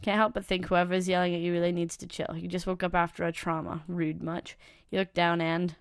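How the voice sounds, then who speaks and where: A woman's voice: fairly low pitch, little pitch movement, fairly quick, smooth, no room sound. Young woman gamer reading a visual novel aloud with wry asides; dry, close sound. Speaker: let's-play host.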